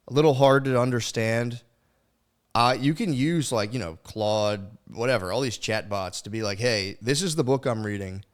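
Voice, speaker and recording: A man in his thirties talks into a studio mic at home, in a loose, rambling solo podcast monologue. His pitch sits in the middle range. He swears often and fills his sentences with filler words. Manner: rambling and profane, with frequent fillers. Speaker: podcast host. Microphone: studio microphone.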